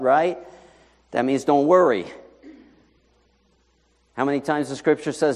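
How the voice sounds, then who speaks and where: A man preaching a sermon as pastor, in a conversational, animated way full of rhetorical questions. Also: medium pitch, a little slow, long pauses, long reverb tail.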